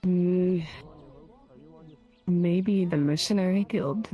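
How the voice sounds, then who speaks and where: Mellow low-voiced woman selling food in a role-play. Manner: unsure, slow, hedging. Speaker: shopkeeper character selling food. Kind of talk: in-character role-play chat.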